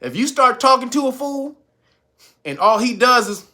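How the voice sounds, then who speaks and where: Male podcast host, high and sharp-toned, crude comic rant full of laughs. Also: sing-song, normal speed. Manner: laughing often, acting out quotes loudly. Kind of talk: profane comedic commentary.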